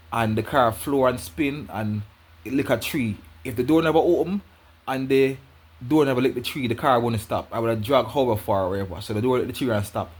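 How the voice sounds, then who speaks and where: A husky-voiced Jamaican man at an ordinary middle pitch tells a personal story in patois. He rambles, circles back and repeats himself, like someone recounting something to a friend.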